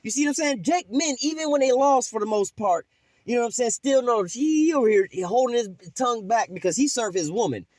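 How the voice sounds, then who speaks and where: Cast a quick, high-voiced man who rants, cusses and preaches over a clip, dry close sound. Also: expressive, a little mellow, no room sound. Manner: preachy, swears constantly, keeps asking "all right?". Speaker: video commentator. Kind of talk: profane reaction commentary.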